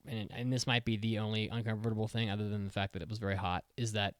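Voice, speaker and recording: A man in his thirties co-hosting a podcast, chatting casually in an excitable, rambling, jokey way. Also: on the low side, quick pace, no echo, clean studio sound. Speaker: podcast co-host. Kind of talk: casual chat.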